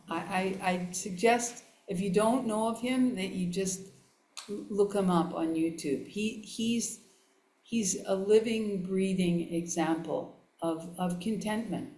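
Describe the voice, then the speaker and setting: A woman giving a relaxed, chatty dharma talk to a live audience, laughing often and restarting her sentences. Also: mid-range voice, slow pace. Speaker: Buddhist nun teacher. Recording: echoey room.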